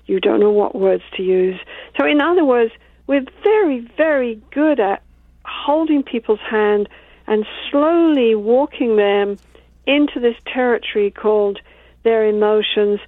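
A woman, a couples therapist, calmly explaining her work in an interview and acting out examples from her sessions. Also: medium pitch, dry recording. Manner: calm, explains with acted-out examples. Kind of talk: interview conversation. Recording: tinny phone-like dry sound.

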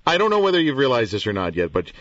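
A man's voice: mid-range voice, sing-song, racing, fairly bright tone, no room sound. A man hosting a radio talk show, easygoing and effusive, often repeating himself. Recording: dull, slightly distant radio sound.

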